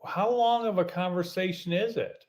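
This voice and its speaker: A man's voice: high voice, a little mellow. A man hosting a podcast in a casual, exasperated rant, repeating himself with many restarts. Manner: halting, many fillers and restarts. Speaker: podcast host.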